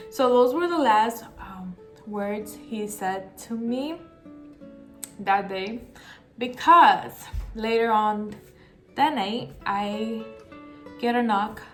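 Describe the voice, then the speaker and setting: Speaking to her camera, a young woman vlogger shares a painful personal story, her voice catching as she fights back tears. She comes out in halting bursts full of fillers and restarts, at a middling, slightly bright pitch, with faint guitar music playing underneath.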